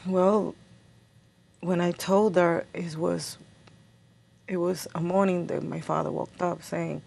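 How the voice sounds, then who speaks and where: A middle-aged woman giving a personal account as an interview guest, halting and repeating words as she remembers. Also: lowish voice, steady tone, vocal fry, a little mellow.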